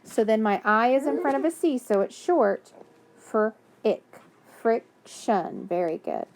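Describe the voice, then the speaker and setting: A woman's voice: fairly high pitch, lively intonation, a little slow, darkish tone. A woman teaching a phonics lesson to young children, patiently sounding out words and praising answers.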